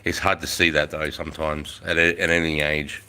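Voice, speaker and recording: Very deep-voiced laid-back Australian man. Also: little pitch movement, fairly quick, bright, forceful tone, slight background noise. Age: 40s. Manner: laid-back, swears freely, chuckles often. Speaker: livestream host. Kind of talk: casual livestream chat. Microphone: phone.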